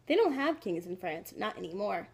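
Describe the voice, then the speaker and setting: Lady doing a bossy busy president guy, quick and pushy, storybook voice. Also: mid-range voice, big pitch swings, creaky, husky, full character voice. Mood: brusque. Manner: brisk, self-important. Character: blustery busy male president, gruff.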